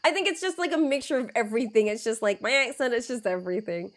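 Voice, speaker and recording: A woman with a fairly high, animated voice streams a game live, chatting casually and laughing with her viewers while her nose is blocked. She's chatty and giggly, slowly repeating words to show how they sound.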